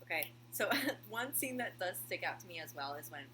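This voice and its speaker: Excitable girl gushing about a show, bright voice, says like a lot, faint heater hum in the room. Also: lowish voice, a little fast. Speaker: video host reviewing a TV show. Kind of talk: casual chat. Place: room at home with a heater running.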